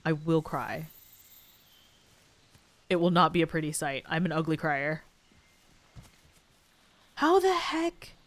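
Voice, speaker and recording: A woman's voice: deep voice, big pitch swings, unhurried, long pauses. A woman streaming a video game live, chatting to her viewers and playfully whining and pleading at the game with frequent laughs. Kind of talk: live gameplay stream commentary.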